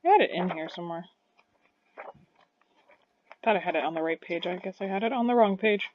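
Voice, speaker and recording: A woman's voice: lowish voice, a little fast, lo-fi sound, a little hiss or hum. A woman running a tabletop game as game master, talking in a rambling way with many fillers.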